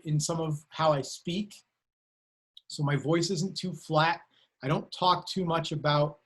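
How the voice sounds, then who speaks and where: A man's voice: fairly high pitch, a bit bright. A man giving an online university lecture over a video call, talking casually with many fillers and self-corrections.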